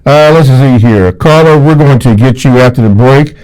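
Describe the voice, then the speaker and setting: A man's voice: medium pitch, moderate pace, darkish tone, low-quality recording. A man hosting a talk radio show, giving short affirmations and reading station promos. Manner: brief affirmations, promo reads. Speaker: radio host.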